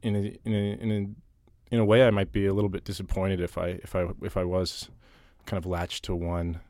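A man's voice: deep voice, little pitch movement, brisk, darkish tone, no room sound, studio quality. A man being interviewed about his writing, talking casually and thoughtfully, often restarting and repeating words. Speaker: interviewee, writer.

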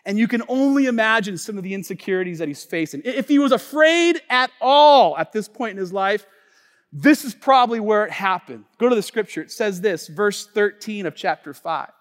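A male pastor preaching a sermon in a casual, slangy storytelling manner that swings between hushed asides and loud outbursts. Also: high voice, lively intonation, a little fast. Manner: casual slangy talk, many fillers and restarts. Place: church sanctuary. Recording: long reverb of a large church hall.

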